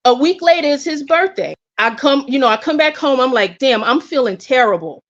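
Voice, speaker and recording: A woman with a slightly high voice tells a personal story with candid energy, often stumbling and restarting mid-sentence. The audio is somewhat dull and lo-fi. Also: a little fast. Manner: candid, animated, with frequent restarts. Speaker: guest. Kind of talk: casual storytelling.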